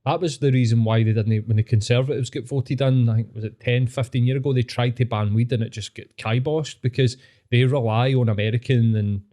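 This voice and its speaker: A Scottish man hosting a podcast, telling sweary, animated stories in casual chat. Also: mid-range voice, fairly quick. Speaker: podcast host.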